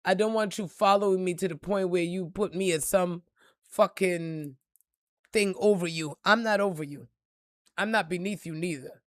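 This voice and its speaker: A woman giving an impassioned, profane motivational talk on a live stream, repeating lines and building to shouts. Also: on the low side, moderate pace, dry recording, clean studio sound. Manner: preachy, profane, rising to shouts.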